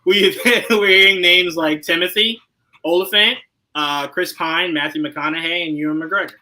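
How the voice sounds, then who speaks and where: Bright-voiced animated man, podcast host. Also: normal speed, poor audio. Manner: animated, laughing, swings from low asides to loud outbursts. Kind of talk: casual chat.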